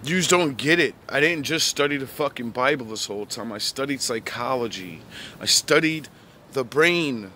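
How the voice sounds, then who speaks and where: A man delivering a profane, preachy ranting monologue that lectures the listener, repeats catchphrases and bursts into shouting. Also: mid-range voice, animated, normal speed, slight background noise. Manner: repeats catchphrases and "yous" address. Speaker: online preacher-style commentator.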